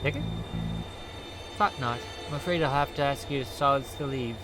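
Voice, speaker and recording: A man putting on a stiffly courteous ghost conductor from a spooky adventure game, formal and sir-heavy. He is pitched a little above an ordinary male voice and talks at an ordinary pace. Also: moderate pace, music in the background, natural voice.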